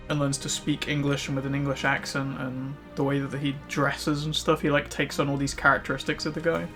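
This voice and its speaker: A man's voice: mid-range voice, level tone, brisk, fairly bright tone. A male streamer chatting casually while he plays, rambling with lots of fillers. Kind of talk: casual chat while gaming. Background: faint music.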